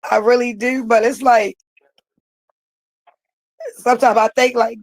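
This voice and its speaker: A woman's voice: on the high side, level tone, measured pace, long pauses, dry recording, poor audio. Woman telling her story, dry close sound. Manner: emphatic, repeats herself, talks straight to viewers. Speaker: vlogger. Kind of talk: personal storytelling to viewers.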